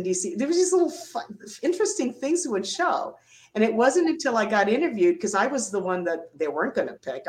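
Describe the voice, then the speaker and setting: A woman's voice: medium pitch, rough recording. An older woman, a retired Navy doctor, telling stories in an interview and acting out the quotes. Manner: animated storyteller, acts out quotes. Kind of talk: storytelling interview.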